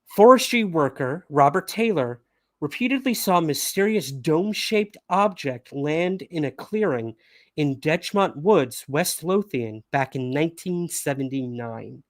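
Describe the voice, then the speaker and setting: A man's voice: a little high, animated, measured pace, no room sound, clean studio sound. A man hosting a news livestream, talking casually with fillers and laughs. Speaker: podcast host.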